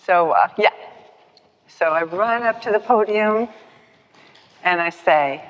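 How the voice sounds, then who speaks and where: An older woman speaking at a recovery meeting, telling her story in a lively, self-mocking way and laughing often. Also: medium pitch, slow pace, pauses often. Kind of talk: personal storytelling talk. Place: meeting hall with podium. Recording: dull, echoey hall recording.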